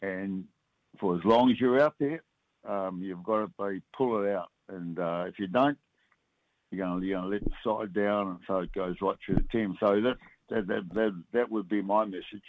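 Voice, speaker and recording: An older New Zealand man speaks down a thin, tinny phone line with no room echo at all. His voice sits low, and he talks in halting bursts, trailing off and restarting with plenty of fillers. He is a former rugby player being interviewed by radio hosts.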